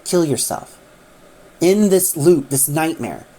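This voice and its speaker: Young scullery maid, desperate, low voice; a woman reads her. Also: animated, slow, warm tone, full character voice.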